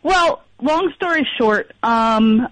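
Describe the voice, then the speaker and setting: A woman's voice: fairly high pitch, animated, slow, fairly bright tone, rough recording. A woman calling in to a radio show, hesitant and apologetic, with lots of ums. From Pennsylvania, US. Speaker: caller. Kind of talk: phone-in chat.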